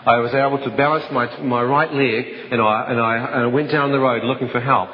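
A man tells a dramatic personal story with an intense, vivid delivery and some restarts. His pitch sits mid-range for a man. The sound is dull and muffled, with a long hall reverb. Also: fairly even intonation, fairly quick. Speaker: speaker giving a personal testimony.

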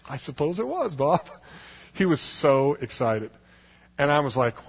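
A man's voice: on the high side, sing-song, a little slow, slightly rough. A man preaching a humorous personal testimony to a congregation, telling his story with frequent chuckles and self-mocking asides. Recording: echoey hall, dull lo-fi sound.

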